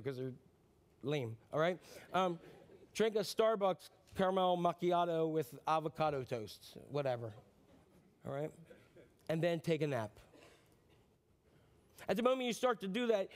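High-voiced pastor joking through a sermon. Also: male voice. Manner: animated and joking, with quick asides to the congregation.

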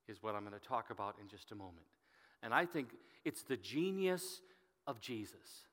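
A man's voice: medium pitch, fairly bright tone. A man preaching a sermon, telling a Bible story and reading scripture aloud with rising emphasis. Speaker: pastor. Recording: long hall reverb.

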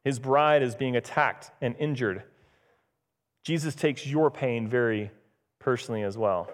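A man's voice: mid-range voice, measured pace. A man preaching a casual, conversational sermon as pastor, acting out the voices in the scripture he reads. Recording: long church reverb.

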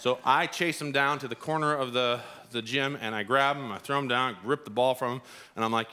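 A male pastor delivering a sermon, with lively storytelling that swings up to emphatic, insistent peaks. His voice is bright and forward, and he keeps a mid-range pitch. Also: brisk, clean tone.

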